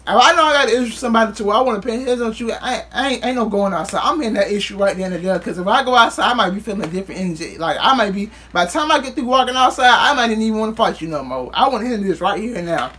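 A man's voice: high voice, animated, very fast, hardly any pauses, bright, forceful tone, breathy edge. A man vlogger telling a casual storytime in loose, profane street talk, acting out what others said.

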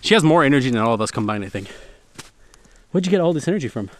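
Middle-aged guy, joking around on a family vlog, lively ups and downs, noisy outdoor camera audio. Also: mid-range voice, racing. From Québec, Canada. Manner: playful, teasing, laughs often. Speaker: family vlogger. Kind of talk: casual family vlog chat. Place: snowy forest trail outdoors.

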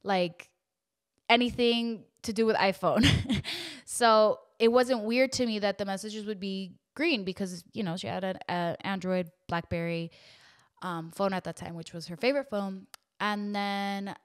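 Tearful woman podcaster, smooth clear voice. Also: mid-range voice, fairly even intonation. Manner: emotional, halting, with many fillers and restarts. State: close to tears. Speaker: podcast host. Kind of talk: personal storytelling.

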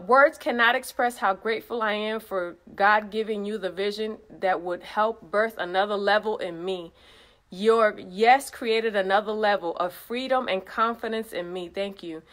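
A woman's voice: mid-range voice, a bit bright. A woman organizing a retreat, chatting casually as she reads messages aloud and adds effusive praise exclamations. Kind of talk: casual recap vlog.

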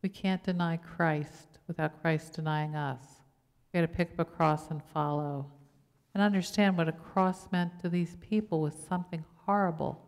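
Low-voiced woman pastor preaching in a reverberant church. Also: fairly even intonation, moderate pace, creaky, darkish tone. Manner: conversational preaching with rhetorical questions. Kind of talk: sermon. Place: church sanctuary.

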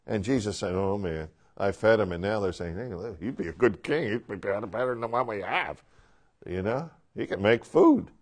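A man teaching a Bible class in a conversational way, asking the listeners questions and acting out the quotes. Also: mid-range voice. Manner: animated, asks the class questions, acts out quotes.

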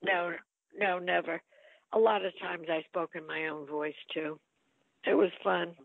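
Gravelly and fairly low-pitched, this older actress keeps a measured pace while recalling her film career in an interview. She chats away like a storyteller, tossing in lively quoted asides. The recording is dry and comes through a tinny, phone-like line.

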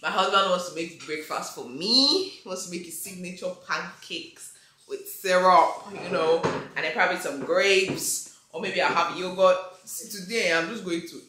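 A woman in her twenties from Nigeria, with a Nigerian accent, chatting excitedly in a home vlog and slipping into Yoruba. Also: fairly low pitch, normal speed, roomy sound, a little hiss or hum. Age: 20s. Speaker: vlogger. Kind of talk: casual vlog chat. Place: home kitchen, indoors.

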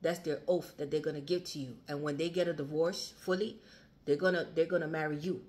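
A woman's voice: low voice, fairly even intonation, a little fast, a little mellow. A woman giving a casual tarot reading, chatty and repetitive, swearing freely. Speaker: tarot reader.

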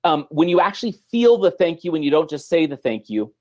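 A middle-aged man, a guest on an interview show, talking in an animated, motivational way and acting out little everyday scenes. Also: on the high side, brisk, lo-fi sound.

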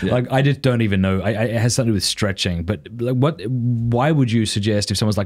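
A man's voice: fairly low pitch, expressive, fast talker, few pauses, a little mellow. A man hosting a podcast interview, asking curious, loose questions in a casual tone. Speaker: podcast host.

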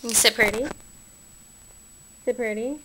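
A woman's voice: on the high side, fairly even intonation, measured pace, background noise. A woman filming her dogs at home, coaxing them through tricks with short repeated commands. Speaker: pet owner. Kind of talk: home video talking to pets.

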